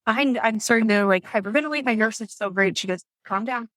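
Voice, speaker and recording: Animated woman telling her birth story. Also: on the high side, quick pace, no room sound. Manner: animated storytelling, acts out quotes. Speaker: podcast guest.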